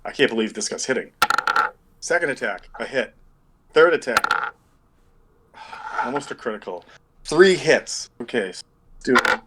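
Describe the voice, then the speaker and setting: A man's voice: medium pitch, lively intonation, measured pace, long pauses, heavy background noise. A man running a tabletop game as game master over an online call, rambling and thinking aloud as he works out dice math.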